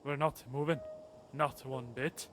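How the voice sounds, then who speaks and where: A man's voice: fairly high pitch, fairly even intonation, unhurried, fairly bright tone, pitched above the performer's own voice. A man voicing a stubborn male dwarf worker, curt and defiant.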